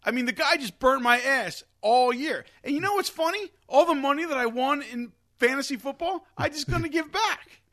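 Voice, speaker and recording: A young man co-hosting a casual sports betting show, animated and swearing freely, his voice jumping high when he gets worked up. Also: moderate pace, few pauses, no room sound, studio quality. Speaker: podcast co-host.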